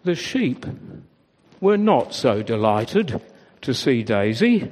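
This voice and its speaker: A man reading a children's story aloud in an expressive storybook voice. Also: medium pitch, slow. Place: church. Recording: reverberant church hall.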